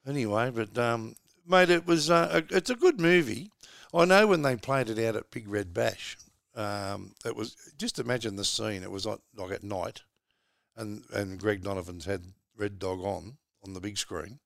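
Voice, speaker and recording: A man's voice: lowish voice, normal speed, vocal fry, a bit bright, no room sound, clean studio sound. A middle-aged Australian man hosting a podcast, chatting in a laid-back, rambling way and calling his co-host mate. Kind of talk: casual chat.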